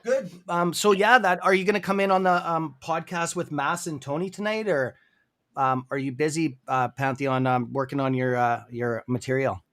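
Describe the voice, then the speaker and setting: A man's voice: a little high, moderate pace, a bit bright. A man with a Canadian accent hosting a live trading stream, enthusiastic and rambling, with lots of fillers. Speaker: livestream host. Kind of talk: casual livestream chat.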